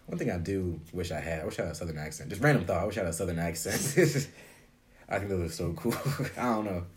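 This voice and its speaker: A man's voice: sits low, lively intonation, fairly quick, slight background noise. A young man co-hosting a casual podcast chat, loose and slangy, laughing often between lines. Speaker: podcast co-host.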